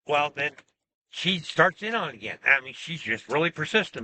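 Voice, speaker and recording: A man tells a long personal story in a loose, rambling way, doubling back and restarting his sentences. His voice is bright and sharp, sitting a little high for a man. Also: brisk. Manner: rambling, animated retelling with restarts. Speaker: self-styled religious teacher. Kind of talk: casual storytelling monologue.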